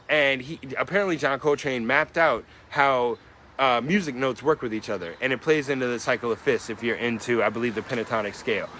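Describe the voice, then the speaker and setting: A man's voice: medium pitch, bright, forceful tone, a little hiss or hum. Musing man in his forties. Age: 40s. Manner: musing, full of rhetorical questions. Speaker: rapper explaining his lyrics. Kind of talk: reflective spoken monologue.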